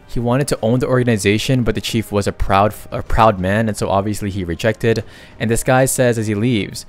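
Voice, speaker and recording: A young man casually narrating a comic recap, chatty and excitable, with slangy asides to viewers. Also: on the low side, brisk, soft background music.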